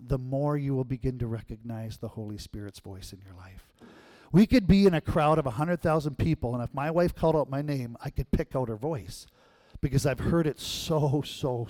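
A male pastor preaching a sermon in church, telling stories and acting out voices, swinging between loud and hushed. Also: mid-range voice. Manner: animated storyteller, acts out quotes, swings from loud to hushed.

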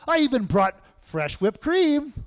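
A sweet, doting old grandmother, as a preacher puts her on, coaxing in a high, sing-song falsetto. Her voice jumps well above a man's usual speaking range as she pleads. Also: big pitch swings, measured pace, in a large hall, full character voice.

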